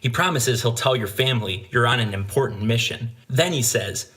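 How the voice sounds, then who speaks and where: A man reads a choose-your-path gamebook aloud in a casual, mid-pitched voice. He moves the story along steadily and breaks off for relaxed, joking comments. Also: moderate pace, hardly any pauses. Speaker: gaming channel host.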